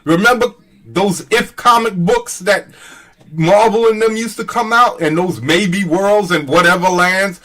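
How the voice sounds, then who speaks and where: A man's voice: high-pitched, a little slow, a bit bright. A man hosting a casual commentary rant, scoffing and profane, often breaking into laughter. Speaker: commentary channel host.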